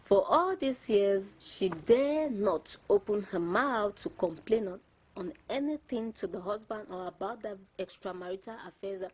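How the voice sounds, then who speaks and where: A woman hosting a talk show, animated and laughing often, stumbling and repeating words as she talks. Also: mid-range voice, unhurried, breathy edge, rough recording. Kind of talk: bilingual talk show chat.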